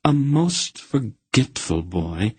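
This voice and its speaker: A man's voice: medium pitch, big pitch swings, takes it slowly, a little mellow, breathy edge, no echo, pitched above the performer's own voice, exaggerated voice. A man reading a wry, commanding older woman who schemes sweetly and a little slyly. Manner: sweetly scheming, slightly sly.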